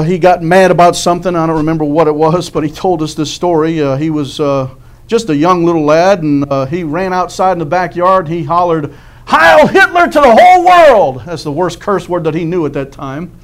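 A middle-aged man preaching a sermon in a folksy way, often asking "amen?" and laughing at his own stories. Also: on the high side. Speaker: pastor.

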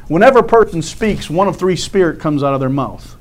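Folksy preacher, fairly high voice. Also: male voice, a little fast, few pauses, darkish tone. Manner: folksy, says amen often, laughs at own stories. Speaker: pastor. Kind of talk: sermon.

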